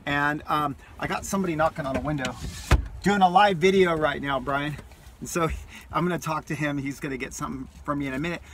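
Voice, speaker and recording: A man's voice: a little high, fast, fairly bright tone, a little hiss or hum. A man vlogging from his parked vehicle, telling a rambling, enthusiastic story in a casual way that repeats itself.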